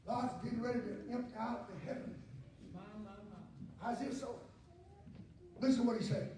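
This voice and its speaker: A man preaching a sermon, shouting call-and-response lines and then dropping to quiet talk. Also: very high-pitched, steady tone, moderate pace, slight background noise. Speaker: pastor. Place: large church sanctuary. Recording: echoey church hall from far off.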